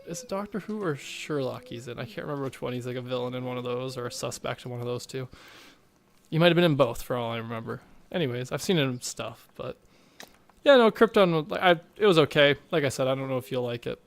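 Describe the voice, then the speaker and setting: A man's voice: mid-range voice, quick pace, creaky. A man co-hosting a podcast in casual chat, rambling animatedly and laughing often. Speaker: podcast co-host.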